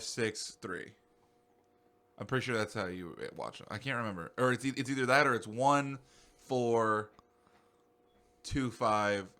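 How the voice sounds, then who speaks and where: Young male podcast co-host, casual, excitable rambler, mid-pitched, swears a lot. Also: smooth.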